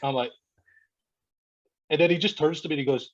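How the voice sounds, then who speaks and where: Guy on a podcast, fairly high voice, cursing and laughing through a story, dull lo-fi sound. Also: a little fast, long pauses. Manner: profane, laughing storyteller acting out quotes. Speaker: podcast guest. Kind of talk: casual storytelling chat.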